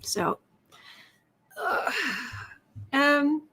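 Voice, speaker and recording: A woman's voice: high-pitched, sing-song, very slow, gravelly. A woman hosting a casual livestream, chatting and reading out viewer questions for tarot readings. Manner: chatty, reads out questions, talks to her cat in a soft baby voice.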